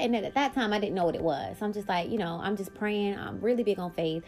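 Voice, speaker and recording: A woman's voice: mid-range voice, expressive, normal speed, over music. A woman hosting her own podcast, telling a personal story bluntly, with frequent swearing and emphatic bursts. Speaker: podcast host.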